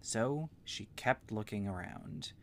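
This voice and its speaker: A man with a low, gravelly voice tells a meandering bedtime story in simple childlike words. His delivery is gentle and unhurried, and a faint hiss sits under the recording. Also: expressive.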